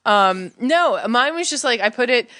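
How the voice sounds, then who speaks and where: A young adult woman co-hosting a podcast in casual chat, chatty and quick with asides. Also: fairly high pitch, expressive, pushed and bright, dry recording, studio quality. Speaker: podcast co-host.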